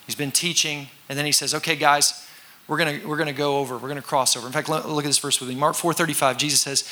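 Animated bright-voiced male preacher. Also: on the high side, fast. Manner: animated, acts out voices and shouts for effect; conversational with congregation call-and-response. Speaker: pastor. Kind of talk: sermon.

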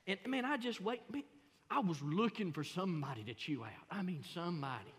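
A middle-aged man, preaching a sermon as pastor in a folksy, animated, self-mocking storytelling way. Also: sits high, brisk. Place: large church sanctuary. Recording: long hall reverb in a church.

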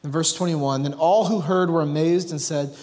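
A man preaching a sermon as pastor, relaxed and conversational, reading scripture between filler words. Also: on the high side, moderate pace. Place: church sanctuary. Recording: long reverb of a large hall.

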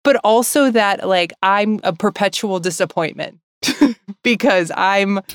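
A woman's voice: medium pitch, slow pace, clear, resonant tone, no echo, clean studio sound. A woman co-hosting a podcast in casual, heartfelt chat, rambling and emotional, laughing often and tearful. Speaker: podcast co-host.

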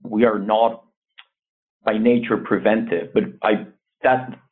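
A man's voice: on the low side, steady tone, slow, husky. A man, an investment bank CEO, giving earnest advice in an interview, often restarting his sentences. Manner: earnest, advisory, frequent restarts. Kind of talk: conversational interview answers. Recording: tinny phone-like line.

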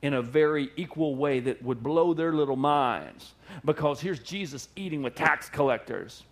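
High-voiced animated preacher. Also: male voice, normal speed. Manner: animated storytelling, repetitive emphasis. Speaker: pastor. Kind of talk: sermon.

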